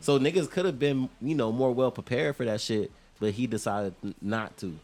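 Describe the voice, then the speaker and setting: A man's voice: medium pitch, normal speed, darkish tone. A man co-hosting a casual podcast, talking loosely and repeating words as he thinks.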